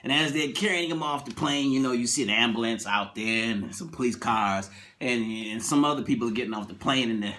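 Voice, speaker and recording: A man casually retelling a TV episode, animated, acting out scenes and laughing. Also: mid-range voice, a little fast.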